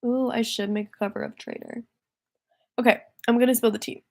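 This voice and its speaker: A woman's voice: on the high side, fairly even intonation, fairly quick, creaky. A young woman singer-songwriter chatting casually on a livestream, rambling and easily distracted, laughing often.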